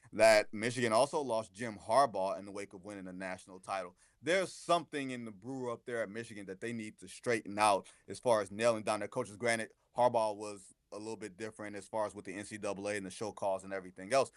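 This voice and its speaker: A man talking as a guest basketball reporter on a sports radio show, animated and sarcastic, with strong emphasis. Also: on the low side, brisk, dry recording, studio quality.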